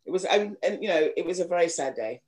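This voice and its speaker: Give me a London woman with a slightly posh accent, hosting a podcast in a halting, casual way. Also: lowish voice, animated, a little mellow. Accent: London, slightly posh with a Cockney edge. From East End of London. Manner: halting, repeats words, many 'you know's. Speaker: singer and podcast host.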